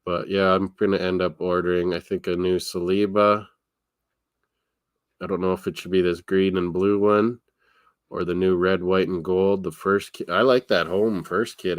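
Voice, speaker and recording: A man's voice: low-pitched, steady tone, normal speed, no echo. A man hosting a live sports watchalong, chatting in a rambling, casual way and laughing often. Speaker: watchalong host. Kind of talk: casual live-stream chat.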